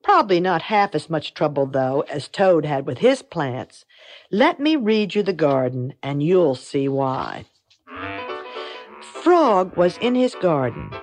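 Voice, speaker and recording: An older woman from the United States reading a children's book aloud, with gentle, grandmotherly storytelling. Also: deep voice, sing-song, slow, soft background music. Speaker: storybook reader.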